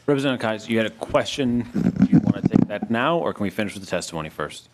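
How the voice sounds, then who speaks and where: A man's voice: lowish voice, animated, quick pace. A man chairing a legislative committee hearing, brief and procedural.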